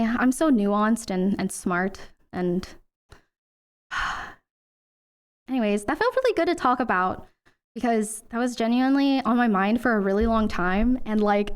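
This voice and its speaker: A young woman streamer talking candidly in halting casual chat, full of fillers and tearing up at times. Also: fairly high pitch, expressive, clean tone.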